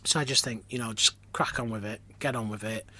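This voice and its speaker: A man's voice: fairly low pitch, steady tone, fairly quick, pushed and bright. A man from Lancashire, a pantomime performer, chatting as a podcast guest in a self-deprecating storytelling manner with many restarts. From Lancashire, England. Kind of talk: casual interview chat.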